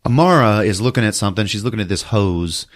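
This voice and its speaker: A man hosting a comedy podcast, recapping a film in an animated way and slipping into character voices. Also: quick pace. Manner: animated storytelling, jumps into squeaky put-on voices for characters. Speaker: podcast host recapping a movie. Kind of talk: comic movie recap.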